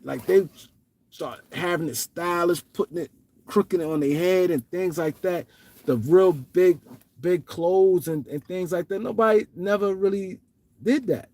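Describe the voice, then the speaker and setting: A man's voice: a little high, a little mellow. A man from Harlem with a New York accent, hosting his show in casual, rambling commentary full of slang and repetition. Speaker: show host.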